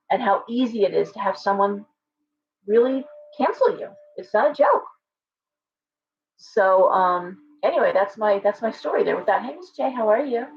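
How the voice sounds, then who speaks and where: A chatty middle-aged woman hosts a casual livestream and wanders from one thought to the next. She breaks off now and then to answer viewer comments. The stream audio is dull and lo-fi. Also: medium pitch. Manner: chatty, digressive, talks back to viewer comments. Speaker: shop owner hosting a livestream.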